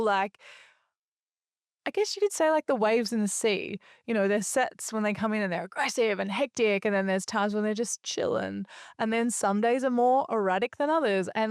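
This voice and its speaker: A woman's voice: medium pitch, clean tone, no echo, studio quality. Rambling, reflective woman podcaster. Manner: rambling, reflective, frequent fillers and self-corrections. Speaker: podcast host. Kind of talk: casual solo podcast talk.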